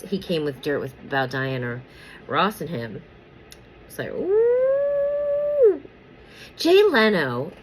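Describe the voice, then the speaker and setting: Low-voiced, lively woman gossip vlogger. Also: a little hiss or hum, rough recording. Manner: rambling and chatty, with many fillers and repeats; pulls cards and whispers names during a card reading. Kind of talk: casual gossip chat while doing makeup.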